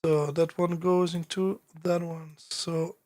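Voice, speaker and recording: A man's voice: fairly high pitch, flat delivery, slow pace, a little mellow, no room sound. A man with a French accent talking casually on a live stream as he produces music, thinking aloud with many fillers and restarts.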